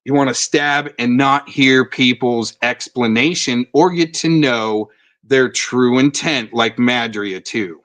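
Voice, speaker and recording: A man's voice: medium pitch, slow pace, no room sound. A man hosting a livestream, ranting and hurling profane insults. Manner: profane, shouting insults, aggressive. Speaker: stream host. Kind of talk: heated livestream rant.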